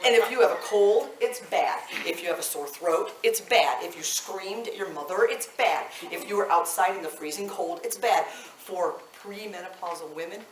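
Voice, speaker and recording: A woman in her fifties, a voice teacher leading a live vocal workshop, chatty and animated, laughing often. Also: lowish voice, moderate pace, hardly any pauses, a little hiss or hum. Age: 50s. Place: indoor workshop room. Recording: echoey room, mic at a distance.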